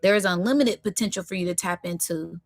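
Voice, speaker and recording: A woman giving a live spiritual tarot reading, talking in affirming, repetitive phrases that break into sudden excitement. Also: on the low side, fast, no room sound, studio quality.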